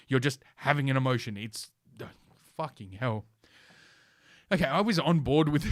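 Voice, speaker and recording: Here a podcast host, a man with a medium-pitched voice, rants sarcastically and scornfully, swearing heavily as he reads an article aloud. The sound is dry and studio quality, captured on a podcast mic.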